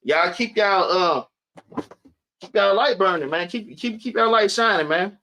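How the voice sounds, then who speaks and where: Guy preaching to a class, high bright voice, keeps saying "man", kinda out of breath. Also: unhurried. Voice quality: casual preaching, repeats "man" at line ends. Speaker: teacher. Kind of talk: sermon.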